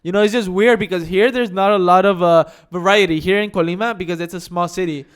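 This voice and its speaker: A young man co-hosts a casual podcast, telling stories in an easygoing, slangy way. His voice is notably high for a man and comes through smooth and clear. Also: fast talker. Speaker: podcast co-host. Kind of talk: casual chat.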